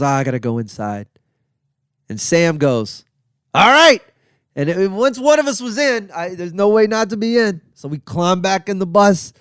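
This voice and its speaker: Guy telling a travel story, kinda high voice, loose and animated, dry close mic. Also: no echo. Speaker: comedian and podcast host.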